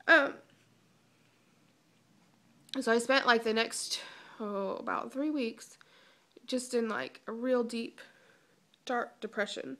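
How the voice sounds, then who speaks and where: A woman's voice: on the high side, takes it slowly, pauses often, a bit bright. A young woman giving a chatty, emotional personal vlog update, holding back tears, with many ums and restarts. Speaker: vlogger.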